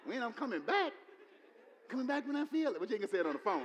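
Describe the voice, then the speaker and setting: A man preaching a sermon, repeating his points and building to loud exclamations. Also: extremely high pitch, very animated, racing, dull audio, a little hiss or hum. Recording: long hall reverb.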